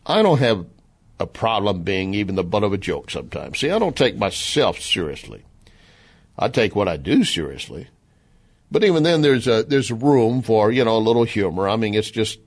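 A man from the American South with a Southern accent, hosting a talk radio monologue, sarcastic and animated as he retells and mimics what others said. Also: lowish voice, moderate pace. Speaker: radio commentary host.

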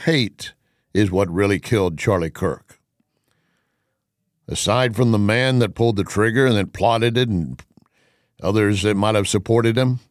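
A middle-aged man hosting a talk radio show, speaking in an earnest, emphatic, measured way. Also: lowish voice, no echo, studio quality.

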